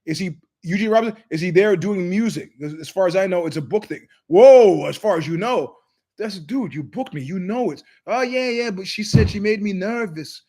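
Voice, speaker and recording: Animated high-voiced male show host. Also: a little fast, few pauses. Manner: emphatic, digressive, acts out quoted voices. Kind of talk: animated storytelling monologue.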